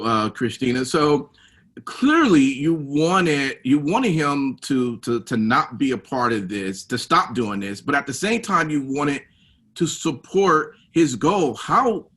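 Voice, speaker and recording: A man hosting a podcast, asking his guest a long question in a loud, drawn-out way. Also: on the high side, breathy edge. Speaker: podcast host. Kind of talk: casual interview chat.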